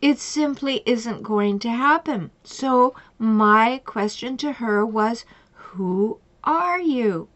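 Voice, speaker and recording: A woman's voice: a little high, takes it slowly, hardly any pauses, a bit bright. A woman coach giving advice and retelling client stories, repeating pointed questions with emphasis. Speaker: relationship coach. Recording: dull lo-fi recording.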